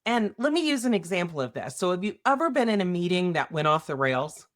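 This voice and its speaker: A woman's voice: fairly low pitch, big pitch swings, brisk. A woman hosting a podcast, explaining ideas casually with workplace examples and often checking in with "right?". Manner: conversational, tags points with "right?". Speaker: podcast host.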